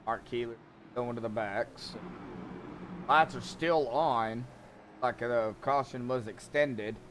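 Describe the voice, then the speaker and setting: A man calling sim race action as commentator, in a slow, drawn-out way with sudden excited outbursts. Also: medium pitch, slight background noise.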